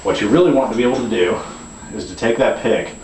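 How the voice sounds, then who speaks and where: A man giving a guitar lesson, explaining in a relaxed way with frequent fillers and restarts. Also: mid-range voice, quick pace, slight background noise. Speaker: guitar teacher. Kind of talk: demonstration lesson. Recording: echoey room, camera mic from a distance.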